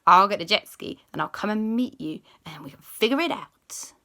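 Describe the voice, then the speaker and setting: A woman voicing an overeager young man who is bursting to help, with shrill, excited exclamations. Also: normal speed. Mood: eager.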